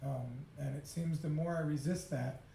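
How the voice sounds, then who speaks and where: A man with a fairly high voice tells a confessional personal story, full of profanity and quick laughs. His talk is emotional and unfiltered. The sound is roomy, with a clear echo around him. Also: steady tone, warm tone, slight background noise. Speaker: speaker sharing a personal story.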